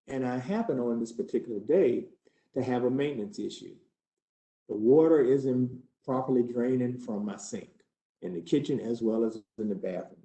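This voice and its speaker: Dark-voiced man telling a case story. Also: mid-range voice. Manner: earnest, conversational, building tension. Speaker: trainer acting out a case study. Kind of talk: first-person role-play storytelling. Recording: roomy hall.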